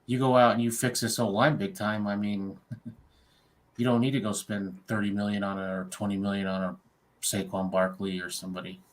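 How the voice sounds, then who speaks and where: Low, flat-voiced man giving opinions. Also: normal speed. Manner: plain-spoken, opinionated. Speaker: panelist. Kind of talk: casual sports chat.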